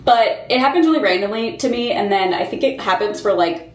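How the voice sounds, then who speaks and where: A woman's voice: mid-range voice, brisk. Chatty young woman vlogger, echoey room. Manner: chatty, filler-heavy with frequent "like". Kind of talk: casual storytime vlog. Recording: echoey room with faint ambient noise.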